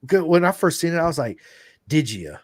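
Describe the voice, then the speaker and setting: A man's voice: fairly high pitch, fast, slight background noise. An American man hosting a podcast interview, chatting casually and enthusiastically and calling his guest dude and bro. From United States. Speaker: podcast host.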